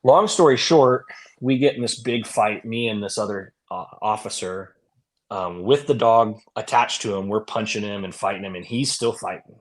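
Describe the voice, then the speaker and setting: A man's voice: lowish voice, moderate pace. A man, a former police officer, telling stories in a casual, rambling way with many fillers. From California. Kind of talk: storytelling in a podcast interview.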